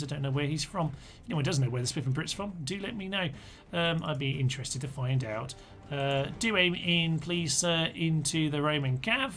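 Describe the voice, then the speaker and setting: A man's voice: on the high side, fairly bright tone, slight background noise. A man, chatting casually as he streams a strategy game and mutters orders to his units. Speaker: gaming streamer. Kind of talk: live strategy game commentary.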